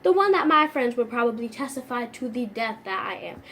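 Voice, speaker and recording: Young female vlogger, comic and animated, higher-pitched voice, faint background hiss. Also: a little fast. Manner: animated, sarcastic, acts out little scenes. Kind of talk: comedic vlog monologue.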